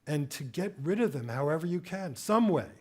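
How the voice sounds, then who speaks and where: Middle-aged guy preaching, kinda high voice, acts out quotes and tells his story with lots of energy. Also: lively intonation, moderate pace, darkish tone. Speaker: guest preacher. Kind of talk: sermon.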